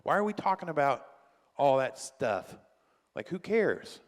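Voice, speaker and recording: Man putting on a breezy shrugging guy, higher voice, long hall reverb. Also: sing-song, measured pace. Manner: breezy, dismissive. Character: carefree shrugging adult man who ignores religion.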